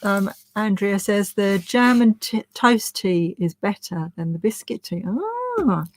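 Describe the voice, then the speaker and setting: A woman's voice: medium pitch, very animated, takes it slowly, no echo, clean studio sound. A woman co-hosting a live stream, easygoing and laughing often as she reads viewer messages. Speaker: co-host reading out viewer messages. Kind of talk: casual live chat.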